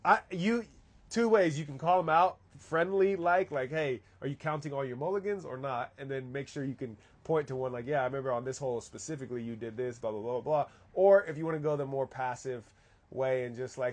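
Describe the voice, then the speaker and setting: A man's voice: medium pitch, fairly quick. A man hosting a live golf talk stream, chatting casually and answering viewers' questions. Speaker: golf coach host.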